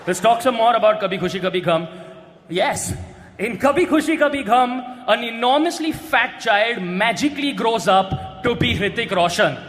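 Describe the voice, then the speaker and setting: A man doing a stand-up roast set, brash and often shouting his punchlines on a stage mic. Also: very high voice, moderate pace, soft background music. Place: large hall with a live audience. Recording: echoey hall, loud crowd and noise.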